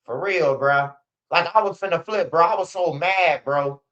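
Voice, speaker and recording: A man with a high voice talks on a live stream, full of profanity and animated storytelling. The audio is dull and lo-fi. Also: normal speed. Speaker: streamer commenting on street news. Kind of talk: casual live-stream commentary.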